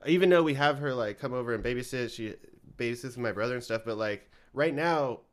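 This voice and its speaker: A man's voice: medium pitch, quick pace. A man in his thirties chatting casually, rambling and swearing often. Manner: loose, rambling, heavy swearing. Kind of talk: casual chat.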